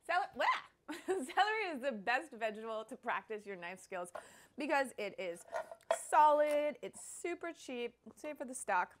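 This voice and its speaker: A woman's voice: high voice, sing-song, measured pace, slight background noise. A young woman hosting a casual cooking demonstration, bubbly and playful as she chops and explains. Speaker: cooking show host.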